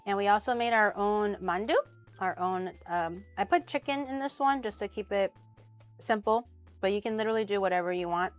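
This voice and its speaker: Chatting casually as she eats what she cooked, a bubbly, talkative streamer host speaks fairly quickly at medium pitch. Faint music sits behind her voice.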